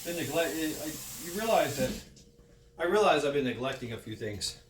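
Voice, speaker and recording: A man's voice: fairly high pitch, lively intonation, moderate pace, noisy background. A man rambling casually to his viewers in a vlog, swearing now and then, out of breath and sweaty while moving out. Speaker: vlogger. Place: outdoors, hot day, moving out of an apartment.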